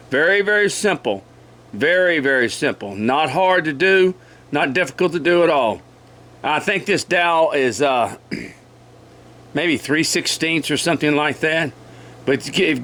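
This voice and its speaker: A man with a cold teaching woodcarving in a folksy, repetitive way, often clearing his throat and apologizing. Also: fairly high pitch, fairly bright tone. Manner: folksy, repeats measurements, frequent throat clearing. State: has a cold. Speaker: woodcarving instructor. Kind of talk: casual step-by-step demonstration.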